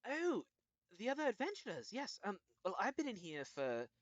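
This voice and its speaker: A man's voice: sits high, huge pitch swings, normal speed, no echo, muffled recording, pitched above the performer's own voice. A man voicing a chatty, flustered female gnome scholar who rambles and apologizes. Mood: polite.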